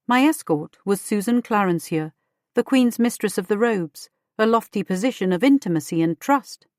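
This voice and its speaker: Measured woman narrating an audiobook. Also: mid-range voice, expressive, a little mellow, no room sound, clean studio sound. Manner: measured, storytelling. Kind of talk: first-person audiobook narration.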